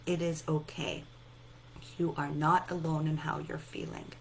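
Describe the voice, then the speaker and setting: A sleepy woman giving a gentle self-help talk, softly repeating reassuring affirmations. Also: deep voice, flat delivery, measured pace, slight background noise, poor audio. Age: adult, a mother. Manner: soft, repetitive, reassuring affirmations. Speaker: self-help and EFT speaker.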